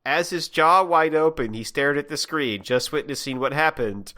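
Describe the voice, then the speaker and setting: A man's voice: fairly high pitch, moderate pace. A man co-hosting a casual podcast, reading fan fiction aloud between laughs. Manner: animated, laughing reader. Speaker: podcast co-host.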